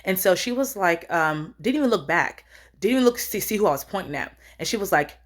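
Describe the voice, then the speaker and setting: A woman's voice: medium pitch, animated, brisk. A woman in her thirties telling a personal story in a rambling, earnest way, acting out what each person said. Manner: rambling, earnest, acts out quoted lines. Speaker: storyteller vlogger. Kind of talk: casual storytime.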